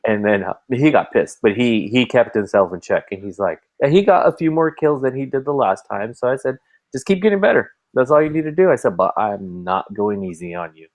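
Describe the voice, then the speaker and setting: Lively, animated man telling stories. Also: mid-range voice, brisk, dry recording. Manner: animated storyteller, acts out voices in quotes. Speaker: podcast co-host. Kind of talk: casual chat.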